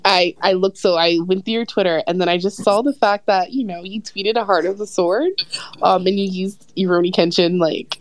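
A woman's voice: medium pitch, animated, moderate pace, no room sound. A woman in casual chat, eager but hesitant, stumbling over her words.

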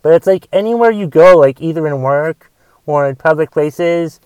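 A man with a fairly high, smooth, resonant voice hosts his podcast alone, ranting in a loose, profane stream. He repeats words and restarts his sentences often. The sound is dry and close, with no room around it. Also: moderate pace, a little mellow, dry recording, poor audio. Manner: profane, repetitive, frequent restarts. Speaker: podcast host. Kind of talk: casual monologue rant.

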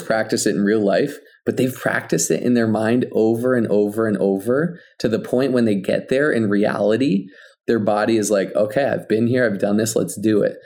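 Low-voiced man coaching on a podcast. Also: a little mellow. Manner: earnest, coaching tone with many "like" fillers. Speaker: podcast co-host. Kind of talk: casual motivational podcast chat.

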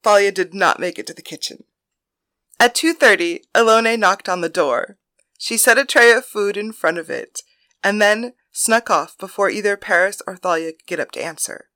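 A woman reading a romantic story aloud as narrator, in an expressive, even-paced way. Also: mid-range voice, moderate pace, no room sound.

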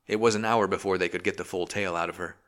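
A man narrating a historical novel as an audiobook in a steady, measured reading. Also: deep voice. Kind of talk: scripted narration.

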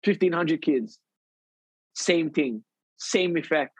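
Man, Hawaiian Pidgin accent, husky, slightly high voice, dry close sound, animated storyteller. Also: takes it slowly, no echo, rough recording. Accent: Hawaiian Pidgin English. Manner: lively, acts out quotes, says "bro" often. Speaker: guest, recovery speaker.

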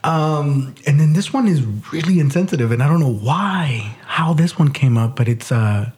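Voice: mid-range voice, moderate pace, darkish tone, breathy edge. A podcast co-host in casual chat, hesitant and full of restarts, laughing often.

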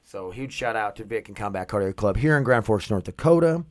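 A man's voice: fairly low pitch, expressive, brisk. A man hosting his own podcast, talking alone in a rambling, loose way with lots of swearing. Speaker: podcast host. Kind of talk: casual solo podcast monologue. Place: outdoors walking dogs.

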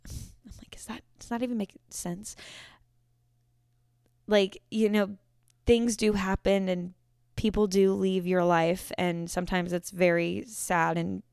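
A woman in her twenties hosts a solo podcast, chatting and rambling casually and often correcting herself mid-sentence. Her mid-range voice has little pitch movement, a measured pace, vocal fry, and a darkish, smooth tone. The recording is clean studio sound with no echo.

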